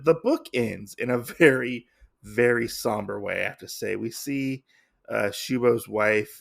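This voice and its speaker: Male comic-podcast host, gravelly voice, casual rambling recap style. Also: on the low side. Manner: rambling, heavy on fillers.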